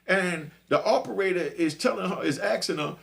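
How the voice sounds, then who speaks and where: A man's voice: high-pitched, moderate pace, vocal fry, a bit bright. A middle-aged man casually telling a prison story in loose street slang, often asking "you know what I mean?".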